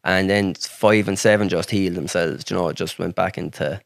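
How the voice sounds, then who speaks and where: A man's voice: deep voice, fairly even intonation, a little fast, vocal fry, no room sound, clean studio sound. An Irish man from Ireland, a podcast guest telling a story in a rambling way, with heavy swearing and lots of "like". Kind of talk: casual storytelling.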